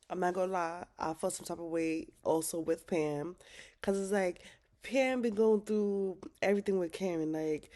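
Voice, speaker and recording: A woman's voice: lowish voice, a little slow, a little mellow. A woman vlogger recapping a TV drama episode in casual, slangy talk, swearing freely.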